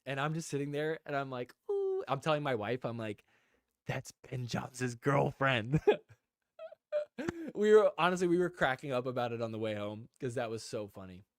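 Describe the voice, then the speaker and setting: A man co-hosting a casual livestream podcast, telling a story with animated delivery and frequent laughter. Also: medium pitch, a little fast, clear, resonant tone, no echo, studio quality. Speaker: podcast co-host.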